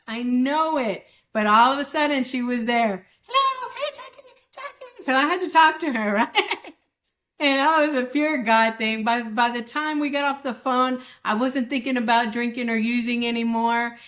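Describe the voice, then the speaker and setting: A woman's voice: on the high side, normal speed, fairly bright tone. A woman guest giving a candid, emotional account of her recovery, acting out the voices of people she quotes. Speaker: guest sharing recovery story. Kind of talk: candid personal testimony.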